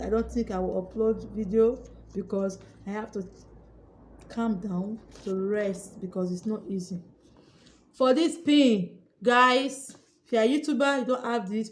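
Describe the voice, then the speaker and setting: A young adult woman YouTuber telling her viewers a story in a casual vlog, acting out her own excited shouts. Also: medium pitch, slight background noise.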